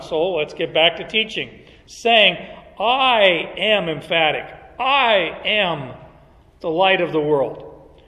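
A man's voice: fairly high pitch, fairly bright tone. A man preaching an expository sermon in an emphatic teaching manner, citing verses as he goes. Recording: long hall reverb.

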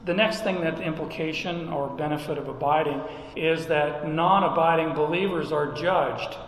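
A man's voice: fairly high pitch, moderate pace, slight background noise. A male pastor preaching a sermon in a conversational, folksy way, with emphatic repeated questions. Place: church sanctuary. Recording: echoey hall with long reverb.

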